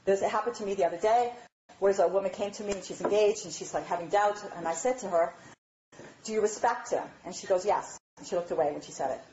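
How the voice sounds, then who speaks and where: A woman giving a lively, chatty lecture on marriage, often checking in with her audience. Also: mid-range voice, fast talker, slight background noise. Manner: animated, chatty, asks "all right?" often. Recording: dull, roomy hall recording.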